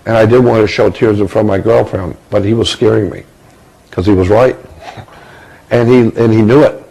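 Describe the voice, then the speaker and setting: A man telling a personal story from his youth, halting and repeating words as he searches for them. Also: lowish voice, fairly even intonation, creaky, mellow, husky, low-quality recording.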